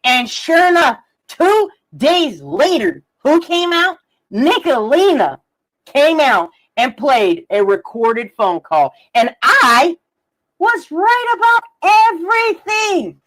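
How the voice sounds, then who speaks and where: A woman with a high voice rants on her live stream. She swears constantly, mocks people by name and reads messages aloud between sharp jabs. Her talk is blunt and combative. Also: very animated, slow pace. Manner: profane, combative, mocking. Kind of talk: ranting live stream commentary.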